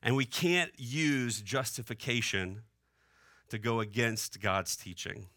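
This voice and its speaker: Bright-voiced young man preaching. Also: mid-range voice, takes it slowly, no echo, studio quality. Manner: conversational preaching, asks the room "right?". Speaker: pastor. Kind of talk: sermon. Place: church hall.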